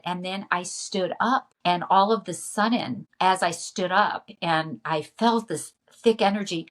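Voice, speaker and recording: A woman telling a personal story as a podcast guest, emotional and earnest. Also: lowish voice.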